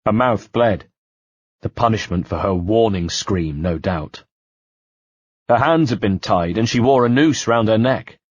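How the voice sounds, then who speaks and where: Low husky male narrator. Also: expressive, a little slow, dry recording. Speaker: audiobook narrator. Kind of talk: first-person audiobook narration. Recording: dull dry home-studio sound.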